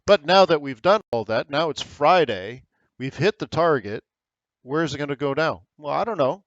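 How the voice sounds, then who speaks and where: A man's voice: on the high side, expressive, moderate pace, no echo, lo-fi sound. An American man hosting a live trading webinar, giving casual, rambling market commentary with frequent fillers.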